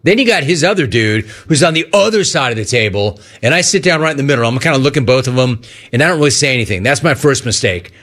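A man's voice: mid-range voice, expressive, fast, a bit bright. Sports talk guy on the radio, riffing and joking, voice jumps all over. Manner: rambling, jokey, acts out the voices in his stories.

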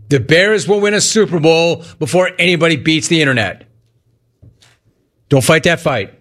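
A man's voice: fairly high pitch, lively intonation, moderate pace, pauses often, a bit bright. A man hosting a sports talk radio show, talking in an emphatic monologue that hammers key lines home by repeating them. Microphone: studio broadcast mic.

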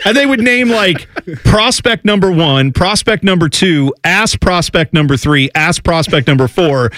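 A man co-hosting a casual sports talk show, talking in a lively, mocking way and slipping into quick impressions of other people. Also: high voice, no echo.

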